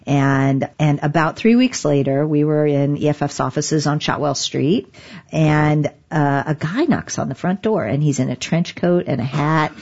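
A woman with a low voice recounts past events in an interview, her delivery animated and full of restarts. She is middle-aged. The recording sounds slightly muffled and lo-fi. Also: measured pace. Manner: animated, laughs often, many restarts. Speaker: guest, digital rights lawyer. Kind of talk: conversational interview storytelling.

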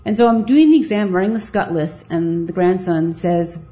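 A woman, a physician, telling a live story in a lively, self-mocking way, with a dull lo-fi sound. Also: fairly low pitch, normal speed, few pauses.

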